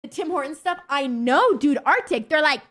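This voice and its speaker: A young woman streamer chatting casually with her viewers, blunt, excitable and swearing constantly. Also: high-pitched, normal speed. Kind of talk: casual livestream chat with viewers.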